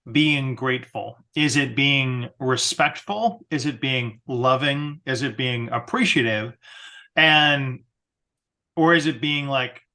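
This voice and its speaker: A man with a mid-pitched voice co-hosts a casual podcast. He talks earnestly and asks a lot of questions, often in quick bursts. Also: sharp tone. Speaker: podcast co-host.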